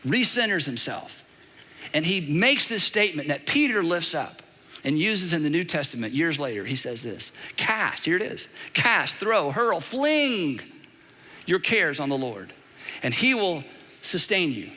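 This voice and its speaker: A middle-aged man preaching a sermon from a church stage, emphatic and animated, with dramatic repetition. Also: on the high side, normal speed. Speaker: pastor. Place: large church auditorium. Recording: long reverb of a large hall.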